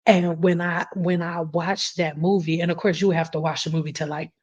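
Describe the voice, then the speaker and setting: A woman's voice: on the low side, fairly even intonation, moderate pace, darkish tone. Passionate, blunt woman on a muffled stream. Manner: blunt, passionate, swears freely. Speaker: hair care host answering live chat. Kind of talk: casual live stream chat. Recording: dull lo-fi stream audio.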